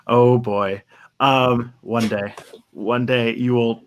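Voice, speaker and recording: A man's voice: mid-range voice, steady tone, takes it slowly. A man hosting a casual live stream, easygoing and making things up as he goes.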